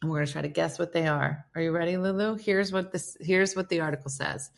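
Woman, casual livestream host, playful chatter, slightly low pitch, talks to her dog. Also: steady tone, fast, gravelly, few pauses. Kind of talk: casual morning livestream chat. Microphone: phone.

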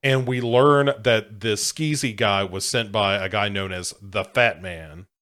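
A man's voice: lowish voice, a little slow, fairly bright tone. A man summarizing a film plot in casual talk, with many fillers.

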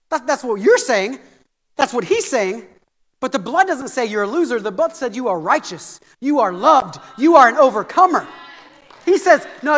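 A man's voice: sits high, a bit bright. A male pastor delivering a sermon, stumbling over repeated words and building to emphatic, insistent peaks. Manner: preaching with rising intensity and repeated phrases. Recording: long hall reverb.

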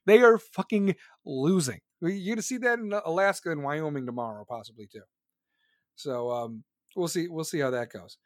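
In a profane live-stream rant, a political commentator with a fairly high, animated voice rails heatedly about politics at a moderate pace. He swears constantly and sneers with sarcasm, close to the mic with no room sound.

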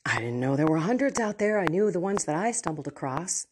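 A woman hosting a Catholic podcast, telling personal faith stories in an earnest, animated way with laughs and asides. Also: low-pitched, brisk. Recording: audible background noise.

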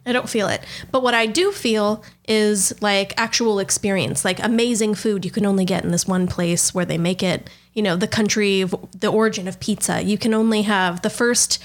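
A woman's voice: mid-range voice, fairly even intonation, normal speed, hardly any pauses. A woman in casual chat as a podcast co-host, rambling chattily through opinions and stories.

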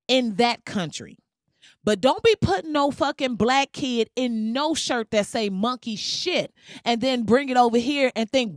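A woman's voice: a little high, no echo, clean studio sound. A woman giving a heated, profane commentary rant to camera, blunt and swearing freely. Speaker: vlogger.

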